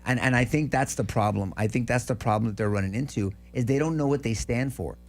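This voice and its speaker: A male co-host of a political talk show, talking in a rambling, profane way. He often stumbles and restarts mid-sentence, at a middling pitch, with faint music under him. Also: quick pace.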